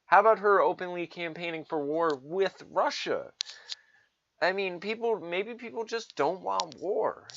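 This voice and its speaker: A man's voice: high voice, unhurried, vocal fry, dull audio, noisy background. A man giving ranting political commentary, sarcastic and profane, mocking others in put-on voices.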